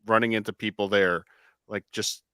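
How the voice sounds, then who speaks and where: A man hosting a casual podcast, asking questions with halting, stammering restarts. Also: lowish voice, steady tone, fairly bright tone, smooth, no echo, clean studio sound. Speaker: host.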